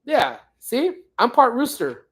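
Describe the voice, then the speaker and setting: A man's voice: extremely high pitch, wildly swooping pitch, takes it slowly, fairly bright tone. A man hosting a casual livestream from home, reading viewer comments and rambling along with jokes and teasing. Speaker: livestream host.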